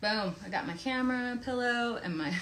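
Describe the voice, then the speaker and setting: A voice actress from Tennessee, USA chats playfully on a live stream while signing autographs at home near her recording booth. Her fairly high, slightly bright voice moves at normal speed through a desk microphone. The audio is poor, with a bit of background noise.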